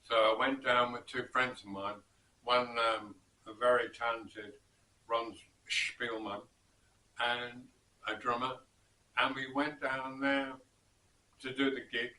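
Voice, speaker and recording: A man recounts an old story at an unhurried pace, drifting and pausing as he goes. His voice is bright and clear. He sits back from the mic in an echoey room. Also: medium pitch, flat delivery, recorded from a distance. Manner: slow and rambling, with pauses and self-corrections. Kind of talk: casual spoken storytelling.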